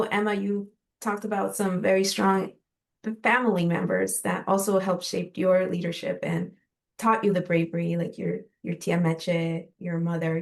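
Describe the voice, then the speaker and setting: Gravelly-voiced woman moderator. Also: on the low side. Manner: appreciative, gently prompting. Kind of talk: interview moderation.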